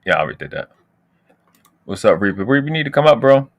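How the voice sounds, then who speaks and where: This channel host, a brash American man full of slang, trash-talks his chat and brags during a casual livestream. He talks fast at a medium pitch with big swings, and the audio is dull with no echo.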